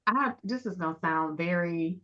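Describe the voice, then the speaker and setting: A woman's voice: lowish voice, normal speed. A woman from the Midwest with a light Southern accent, telling a story in a casual chat and acting out quotes. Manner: animated storyteller, laughs often, acts out quotes. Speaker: podcast co-host. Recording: dull lo-fi audio.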